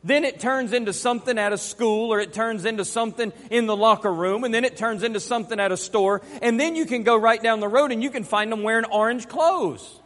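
A man's voice: high voice, brisk, few pauses, a bit bright. A man preaching a sermon, emphatic and fond of repeating his key phrases. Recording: long hall reverb.

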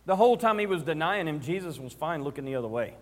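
A man's voice: a little high, expressive, fast. A man preaching a sermon who retells scenes dramatically and acts them out. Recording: reverberant church hall.

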